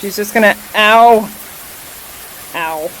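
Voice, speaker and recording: A woman's voice: medium pitch, animated, takes it slowly, slight background noise, poor audio. A woman filming her cats at home, playfully teasing them and meowing at them in a casual home video. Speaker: cat owner filming her pets.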